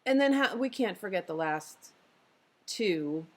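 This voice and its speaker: A woman's voice: mid-range voice, unhurried. Chatty woman co-hosting a podcast. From San Diego, US. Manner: chatty, animated, lots of fillers and giggles. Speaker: podcast co-host. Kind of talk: casual chat.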